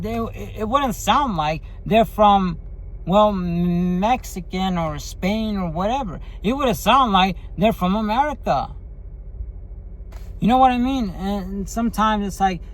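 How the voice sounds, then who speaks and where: A man's voice: high voice, animated, a little slow, low-quality recording. A man giving a casual spoken movie review, rambling and full of fillers and tag questions.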